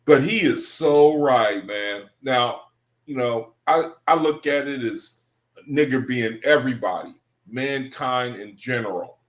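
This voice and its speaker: A man's voice: mid-range voice, slow, echoey room. A man giving an informal Bible study talk in a loose, conversational way, often circling back and repeating himself. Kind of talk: informal scripture teaching monologue.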